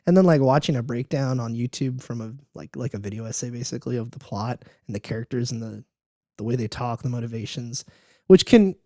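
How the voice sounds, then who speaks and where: A young man co-hosting a casual podcast chat, telling stories with lively, acted-out reactions. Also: fast, dry recording, studio quality. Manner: animated storyteller, acts out his own reactions with high squeals. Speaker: podcast co-host.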